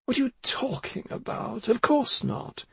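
A man's voice: extremely high pitch, big pitch swings, measured pace, fairly bright tone, no room sound, pitched above the performer's own voice, full character voice. A man voicing a cold, calculating female doctor who speaks in a soothing, businesslike way. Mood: coolly persuasive. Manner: smooth, soothing yet businesslike.

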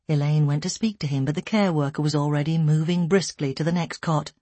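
Woman reading a story, husky lowish voice, slow and somber, dry close mic. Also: fairly even intonation, dark tone, dry recording. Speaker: audiobook narrator. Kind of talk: scripted narration.

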